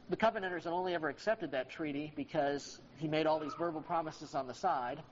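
This is a history lecture delivered casually in a classroom, the teacher peppering it with ums and uhs and now and then calling on a student by name. Pitch is middling. A faint hiss runs under the dull, lo-fi recording.

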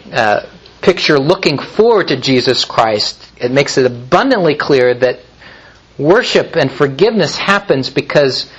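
A man preaching a sermon in a measured way, with frequent pauses and restarts. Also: a little high, fairly bright tone, husky, muffled recording. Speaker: pastor.

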